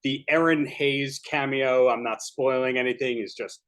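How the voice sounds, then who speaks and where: A man's voice: medium pitch, fairly even intonation, moderate pace, fairly bright tone. A man hosting a podcast, asking friendly questions over a video call. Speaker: podcast host. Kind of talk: interview.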